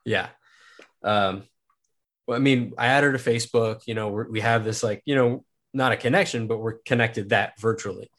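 A man's voice: lowish voice, normal speed, fairly bright tone. A young man from Kansas, a podcast guest, telling a personal story in a casual, rambling way, full of filler words and swearing.

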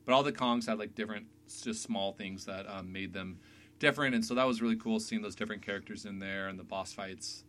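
A man hosting a casual podcast chat about video games, excitable and full of fillers. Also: on the low side, fairly quick, slight background noise. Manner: chatty, excitable, many fillers. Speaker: podcast host.

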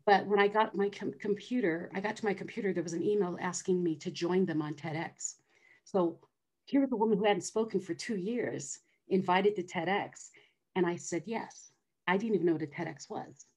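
Middle-aged woman, guest in interview, earnest storytelling, somewhat low pitch. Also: normal speed, darkish tone. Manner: earnest, acts out quoted voices.

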